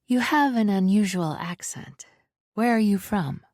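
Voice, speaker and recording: A woman's voice: medium pitch, lively intonation, unhurried, a little mellow, no room sound, studio quality, voice pushed up, close to an everyday voice. A woman reading as a curious, teasing young captive. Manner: curious, probing questions. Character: perceptive, gently teasing young woman prisoner.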